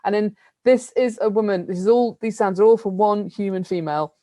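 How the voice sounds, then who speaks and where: A middle-aged British woman giving an academic plenary talk over a video call, chatty and lively, with small self-deprecating laughs. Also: medium pitch, a little fast, dry recording. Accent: British English. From United Kingdom. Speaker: lecturer. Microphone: computer mic on a video call.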